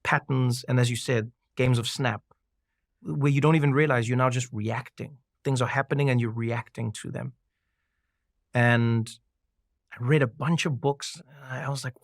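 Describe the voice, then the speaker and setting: Podcast guest, man, lively storyteller, dry close mic. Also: medium pitch, normal speed, dry recording. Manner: animated storyteller, acts out quoted voices. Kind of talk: casual conversation.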